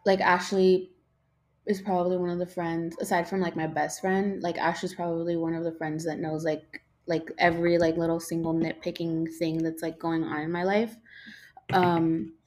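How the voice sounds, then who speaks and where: Sleepy young woman rambling on her podcast, cusses a ton, kinda low voice, keeps losing her thread. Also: little pitch movement, normal speed, darkish tone. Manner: rambling, swears often, loses her train of thought. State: yawning, tired. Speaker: podcast host. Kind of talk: casual rambling podcast chat.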